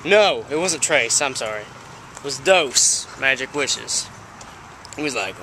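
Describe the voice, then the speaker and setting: A man's voice: mid-range voice, sing-song, a little slow, long pauses, background noise. Rambling guy telling an improvised story. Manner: rambling, lots of "like" fillers and repeats.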